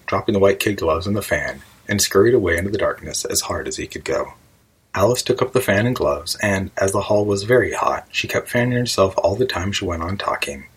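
A man narrating a storybook in a measured, even reading voice. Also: low voice, husky, low-quality recording. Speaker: audiobook narrator.

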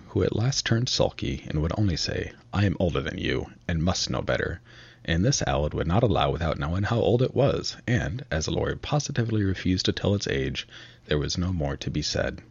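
Male audiobook narrator: very low, husky, measured; lo-fi recording. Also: lively intonation, a little mellow, dry recording. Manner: measured storytelling.

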